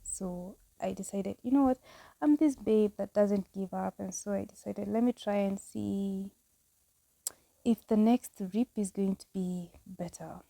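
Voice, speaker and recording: Woman from Kenya, casual how-to vlog, unhurried, warm low tone, dry close sound. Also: creaky, dry recording. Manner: chatty and candid, laughing at herself. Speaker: vlogger.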